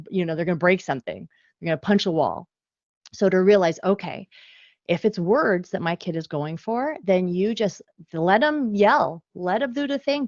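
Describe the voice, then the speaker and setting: A woman speaking as author and guest speaker in a parenting webinar, lively and acting out quick exchanges between parent and child. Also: medium pitch, dry recording, lo-fi sound. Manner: animated, acts out parent and child quotes.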